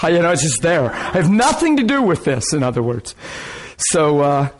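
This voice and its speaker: A man preaching a sermon, telling a testimony story with excitement, laughing often and repeating phrases. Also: on the high side, normal speed.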